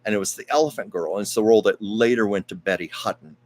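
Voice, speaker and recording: A man's voice: fairly low pitch, quick pace. Chatty male live-stream host. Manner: chatty, rambling, with frequent fillers and asides. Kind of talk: casual storytelling and reading viewer comments.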